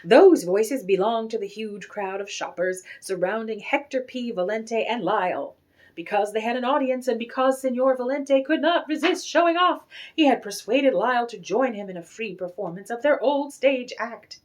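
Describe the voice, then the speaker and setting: Expressive woman reading a storybook. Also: on the high side, moderate pace. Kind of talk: reading a children's picture book aloud.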